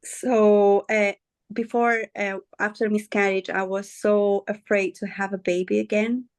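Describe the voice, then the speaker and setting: Woman, interview guest; earnest, halting delivery, searches for words; dry, close sound. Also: mid-range voice, flat delivery, clear, resonant tone, dry recording. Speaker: guest sharing her story. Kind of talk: candid conversational interview.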